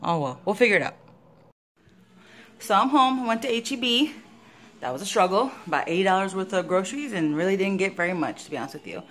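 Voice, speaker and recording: A woman's voice: expressive, quick pace, fairly bright tone. A young woman with a drawl chats through her day straight to the camera. Her talk is loose and rambling, and now and then it jumps up into a sing-song baby voice. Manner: chatty, swoops into high baby talk with her dog. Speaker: vlogger. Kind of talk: casual vlog chat.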